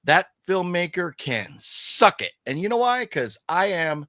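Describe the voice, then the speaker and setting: A man's voice: high-pitched, very animated, a little slow, sharp tone, dry recording, clean studio sound. A man hosting a casual movie chat, opinionated and emphatic, rambling with restarts. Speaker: podcast host.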